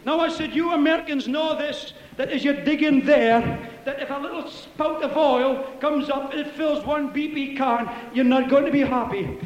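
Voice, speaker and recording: A man preaching a fervent Pentecostal sermon, telling stories and shouting hallelujahs. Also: very high-pitched, normal speed, echoey room, long reverb tail, muffled recording. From Scotland.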